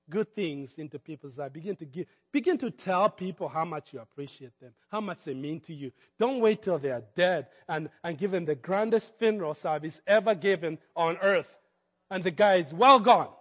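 A middle-aged man, a pastor, preaching a sermon and telling a story, moving between quiet asides and loud preaching. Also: fairly high pitch, moderate pace. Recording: long hall reverb.

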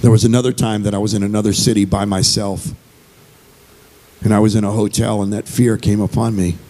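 A man preaching a sermon in an earnest, conversational way, often circling back over his own phrases. His voice sits low and is mellow in tone. There is a husky edge to it. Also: little pitch movement, brisk. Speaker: visiting speaker and singer.

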